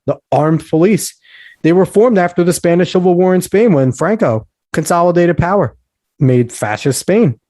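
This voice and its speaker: A man's voice: on the high side, mellow, no echo. A man hosting a podcast, ranting with heated emphasis and lecturing on history. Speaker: podcast host. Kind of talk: casual podcast talk.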